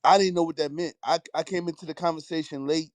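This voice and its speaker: A man in a casual discussion, talking haltingly with trailing sentences and fillers. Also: a little high, fairly even intonation.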